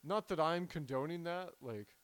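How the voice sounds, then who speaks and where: A man's voice: a little high, moderate pace, clear, resonant tone. A young man co-hosting a podcast, chatting casually with lots of fillers and trailing sentences. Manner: rambling, filler-heavy, trails off. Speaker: podcast co-host. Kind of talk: casual chat.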